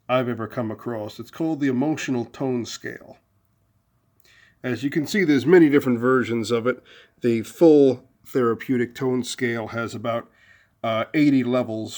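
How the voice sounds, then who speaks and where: Guy explaining a psych idea to the camera, mid pitch, lots of uh and restarts. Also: a little mellow. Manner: conversational, with frequent fillers and restarts. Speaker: video host. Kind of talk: casual explanatory talk.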